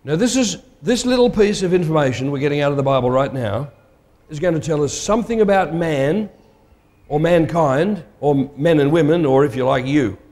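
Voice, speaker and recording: A man's voice: on the high side, expressive, moderate pace, darkish tone. A man preaching a sermon in a conversational, emphatic way, putting questions to his listeners. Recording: long hall reverb.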